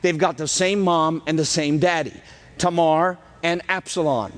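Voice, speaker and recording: Male pastor, high voice, lively casual storyteller preaching; long hall reverb. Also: measured pace. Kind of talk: sermon.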